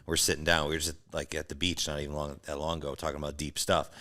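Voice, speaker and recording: Deep-voiced man, easygoing chat. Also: flat delivery, quick pace, sharp tone. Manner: easygoing, short agreeing replies. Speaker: podcast co-host, fighter. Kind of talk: casual chat.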